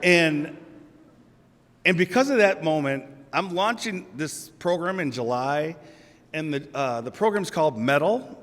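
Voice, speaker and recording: A man's voice: on the high side, expressive, measured pace, a bit bright. A man in his forties giving an emotional, conversational award acceptance speech, telling stories at a podium microphone. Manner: emotional, storytelling, conversational with laughs. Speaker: award recipient. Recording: long hall reverb.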